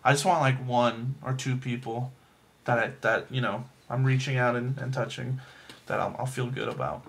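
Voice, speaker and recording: A man's voice: mid-range voice, flat delivery, normal speed, vocal fry. A man casually reviewing a movie, rambling with lots of fillers and restarts and making self-deprecating jokes. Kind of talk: casual chat.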